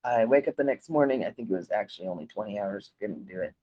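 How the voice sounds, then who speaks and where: A woman's voice: rumbling low, animated, fast, dark tone. A woman telling a personal story in a casual, profane and blunt way, often laughing. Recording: dull lo-fi recording.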